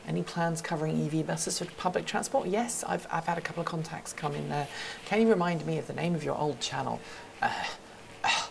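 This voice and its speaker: A woman with a low, gravelly voice hosts a casual livestream hangout from an office, with background noise audible. She rambles, thinks aloud, and answers questions from the chat.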